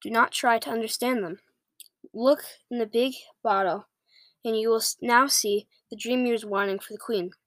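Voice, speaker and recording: Woman doing a gentle giant, broken grammar, fairly high voice, dry sound. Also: fairly even intonation, normal speed, no room sound, natural voice. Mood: explaining. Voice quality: ungrammatical folksy speech. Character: big gentle male giant, mangled grammar.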